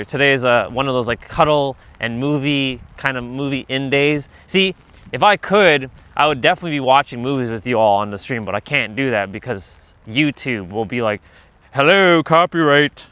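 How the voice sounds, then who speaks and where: A man's voice: mid-range voice, a bit bright, smooth. A man livestreaming as he walks outdoors on a trail, telling stories in a loose, chatty, profane way and laughing often. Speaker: vlogger livestreaming a walk. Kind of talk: casual rambling storytelling.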